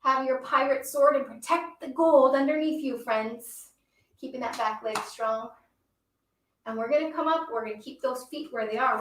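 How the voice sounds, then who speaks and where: A woman's voice: high voice, roomy sound, distant mic. A woman teaching a yoga class for children and reading a picture book aloud, encouraging the kids and calling them her friends.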